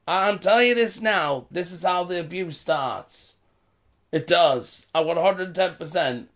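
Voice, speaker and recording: A man's voice: high-pitched, measured pace, a bit bright. A British man talking in a casual, rambling commentary vlog. He repeats himself and chuckles between remarks. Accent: British English. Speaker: vlogger.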